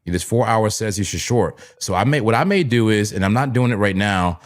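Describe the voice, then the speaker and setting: A man's voice: on the low side, brisk. Hyped man hosting a trading livestream. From New Jersey. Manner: hyped, repetitive, chatty with viewers. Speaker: livestream crypto trading host. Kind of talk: casual live-stream commentary.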